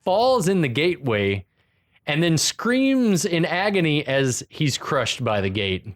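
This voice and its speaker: A man's voice: on the high side, big pitch swings, slow. A man co-hosting a podcast, casually recapping a film's plot scene by scene with dry asides. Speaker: podcast co-host. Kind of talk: casual movie recap chat.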